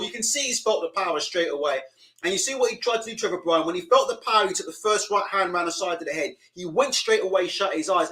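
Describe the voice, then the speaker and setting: High-voiced swearing man. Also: fairly bright tone, poor audio. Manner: swearing, rambling, reads chat aloud. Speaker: live stream host. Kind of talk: casual live-stream commentary.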